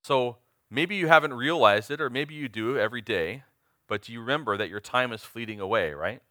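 A man's voice: medium pitch, fairly quick, pushed and bright, no echo, clean studio sound. A man in his forties preaching a sermon, earnest and emphatic, asking the congregation direct questions. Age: 40s.

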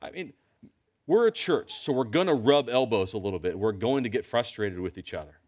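A man's voice: medium pitch, expressive, brisk, a little mellow. A man preaching a sermon in a church, talking to his congregation in a conversational way with lots of rhetorical questions.

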